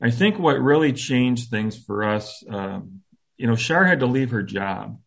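A man in his fifties telling a personal story as an interview guest, reflective and halting, with soft self-deprecating humor. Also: medium pitch, animated, gravelly.

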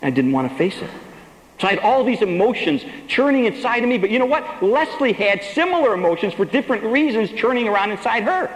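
A man's voice: high voice, sing-song, fairly quick, echoey room, long reverb tail, poor audio. A man giving a sermon testimony, telling his story with emphasis and acting out the lines he quotes.

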